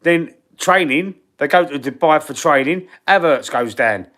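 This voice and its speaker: A man from East London with a Cockney accent and husky, wheezy breathing, hosting a casual live-stream Q&A in a blunt, slangy way. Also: fairly high pitch, lively intonation, a little slow, a bit bright. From East London, England. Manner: blunt, slangy and chatty, calling viewers bro and mate. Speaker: fan channel live streamer.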